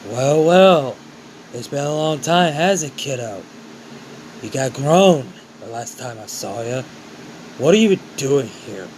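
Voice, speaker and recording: A man doing a gruff mocking villain mentor. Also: medium pitch, expressive, slow pace, a little mellow, slight background noise, poor audio. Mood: taunting. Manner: mocking, scolding, calls the boy kiddo.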